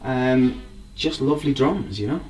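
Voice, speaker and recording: Showing off his drum gear, a collector rambles with enthusiasm in a medium-pitched, slightly mellow voice at a measured pace. It's an informal show-and-tell recorded at a distance with faint background noise.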